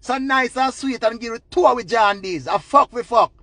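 A man with a Jamaican accent in a loud, profane, repetitive rant giving relationship advice. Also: extremely high pitch, moderate pace, no echo. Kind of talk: ranting monologue.

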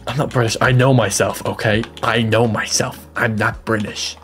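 Dim stubborn sitcom office guy, an Irish man doing the voice, slow, flat, insistent, quieter. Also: on the low side, soft background music, lightly acted.

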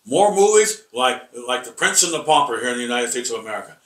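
A man teaching a rambling Bible lesson, halting and repeating words with many fillers, emphatic and combative. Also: medium pitch, big pitch swings, a bit bright. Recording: echoey room, voice from far off.

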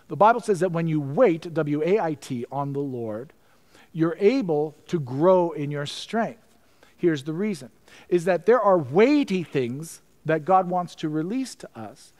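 A middle-aged pastor delivers a sermon, telling a story full of stammered repeats. He drops to a hushed voice for prayers. His pitch runs a little high.

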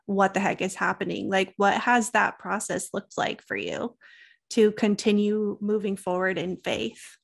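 A woman hosts a podcast interview with a gravelly, husky voice. She asks questions and answers her guest with gentle, affirming murmurs. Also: mid-range voice, steady tone, unhurried. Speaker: podcast host.

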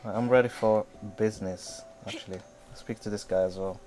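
A man casually commenting on his gameplay, swearing and excitedly talking back to the characters on screen. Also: lowish voice, brisk, faint music behind. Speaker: gamer playing through a game. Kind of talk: casual let's-play commentary.

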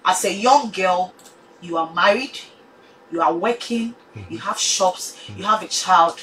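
A woman's voice: lowish voice, unhurried, a bit bright, poor audio. A woman with a Ghanaian accent giving her opinion in a casual chat, lecturing in a mix of pidgin-tinged English and Twi.

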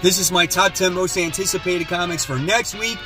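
A man's voice: high-pitched, normal speed, over music. A man hosting a casual comic haul video, laid-back and blunt, often tacking "man" onto his sentences. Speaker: comic book channel host.

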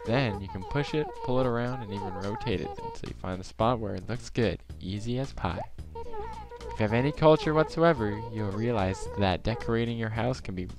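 A man's voice: medium pitch, big pitch swings, moderate pace, music in the background. A man voicing a snooty, condescending female cat villager in a video game. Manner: condescending and teasing.

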